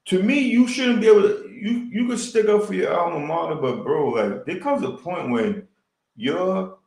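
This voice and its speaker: A man with a Boston accent rants bluntly on a casual sports podcast, with plenty of profanity. His gravelly voice swings widely in pitch, and it echoes around the room he is in. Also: expressive, normal speed, darkish tone. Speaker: podcast co-host.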